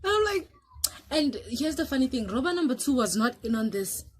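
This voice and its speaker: A South African woman vlogger casually telling a story to camera, animated and switching between English and local languages. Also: high voice, brisk, a little hiss or hum.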